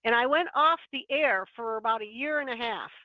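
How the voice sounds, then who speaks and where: A woman radio host in casual talk-radio chat, telling stories and acting out quotes with lively energy. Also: fairly high pitch, brisk, no echo. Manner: animated storytelling, acts out quotes. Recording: muffled lo-fi audio.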